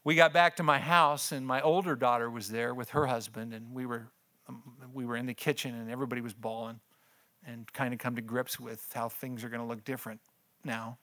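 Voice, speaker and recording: Brief: older male pastor with a bright voice, telling his story in a chatty, laughing way. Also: fairly even intonation, brisk. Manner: conversational storytelling, laughs often, voice drops low in heavy moments. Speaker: pastor and missions speaker. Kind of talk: personal testimony talk.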